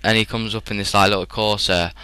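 A teenage man with a British English accent rambles through a casual gaming commentary. His slightly low voice sounds bright and clean. The recording is dry and close, with no room echo. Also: steady tone, fast, clean tone. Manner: rambling, chatty, frequent fillers and laughs. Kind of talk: casual storytelling over gameplay.

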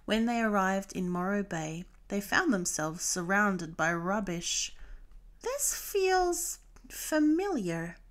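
Slow, clear woman reading a children's story. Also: mid-range voice, a bit bright. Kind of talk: children's read-aloud storytelling.

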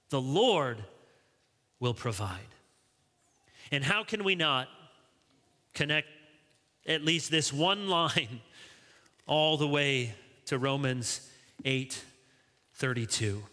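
A male pastor preaching a sermon in a church, animated, rising high when he voices pleas to Bible figures. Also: unhurried, long pauses. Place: large church sanctuary. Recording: long reverb of a church hall.

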